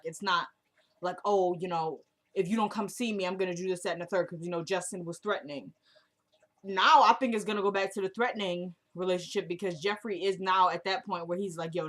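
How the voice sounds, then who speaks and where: A woman's voice: mid-range voice, a bit bright. A young woman talking casually to her camera, recapping a TV episode in a chatty way, laughing and acting out the characters' lines. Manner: chatty, laughing, retells scenes in quoted dialogue. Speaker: TV recap vlogger. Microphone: camera mic at home.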